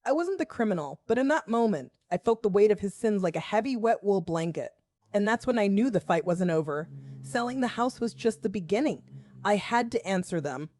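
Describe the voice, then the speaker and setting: A woman in her forties from the American South narrates her own story in a wry, confessional first person. Her mid-range voice comes through close and dry, with no room around it. She keeps a measured, steady delivery. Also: medium pitch, no echo. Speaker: storyteller, school principal.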